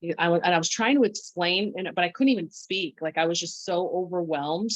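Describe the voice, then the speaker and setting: A woman guest on a podcast, telling her story in a halting way, full of restarts and quoted self-talk. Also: on the low side, no room sound. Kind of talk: conversational storytelling. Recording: dull, lo-fi dry sound.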